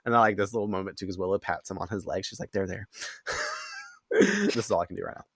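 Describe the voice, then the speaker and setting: Animated, profane male podcast host. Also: fairly low pitch, quick pace, slightly rough, no room sound, studio quality. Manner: animated, profane, laughing, acts out character quotes. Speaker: podcast host recapping an episode. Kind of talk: casual chat.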